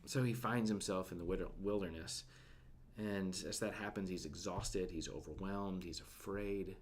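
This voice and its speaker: A man gives a casual devotional talk, conversational and full of fillers, often asking his listeners questions and dropping to a soft near-whisper at emotional moments. His low voice has fairly even intonation and a moderate pace, with slight background noise.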